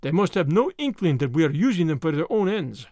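Brief: sinister Russian male plotter, soft amused delivery, high and lively; a male reader plays him. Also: fairly quick, dry recording, clean studio sound.

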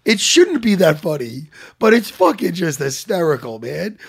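A man's voice: fairly high pitch, normal speed, creaky, slightly rough. A man hosting a casual chat, rambling and swearing freely, often laughing mid-sentence. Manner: animated, swears a lot, breaks into laughter.

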